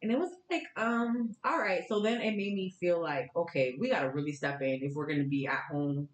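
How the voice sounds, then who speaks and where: A woman in her thirties hosting a podcast, telling stories in a chatty, animated way. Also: on the low side, brisk. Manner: chatty, animated storytelling with laughs. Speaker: podcast host. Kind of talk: casual chat. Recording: roomy, echoey sound.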